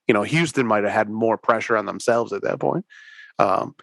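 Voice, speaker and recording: A man's voice: fairly low pitch, moderate pace, creaky, fairly bright tone, dry recording. A young man hosting a podcast in casual chat, rambling with many fillers and restarts. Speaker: podcast host.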